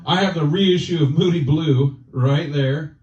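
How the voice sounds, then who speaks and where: A man's voice: fairly high pitch, measured pace, darkish tone. A man hosting a casual chat, teasing his guest in joking banter. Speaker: channel host. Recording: roomy, distant, dull sound.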